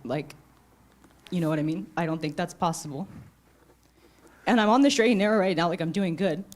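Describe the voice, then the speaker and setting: A woman's voice: lowish voice, brisk, a little mellow. A woman in a church congregation asking the pastor a question, speaking hesitantly and rambling with many fillers.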